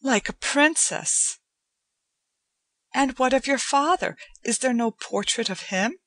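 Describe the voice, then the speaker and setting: A woman doing an excited young woman, high and eager. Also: slow pace, no echo, clean studio sound, full character voice. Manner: bright, excited, breathless questions.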